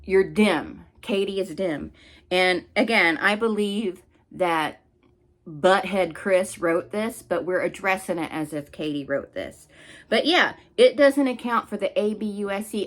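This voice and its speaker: A woman in the middle of a heated commentary rant, scolding and blunt. She swears freely, jabs at her target again and again, and her voice sits at an ordinary middle pitch. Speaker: commentary channel host. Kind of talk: angry ranting commentary.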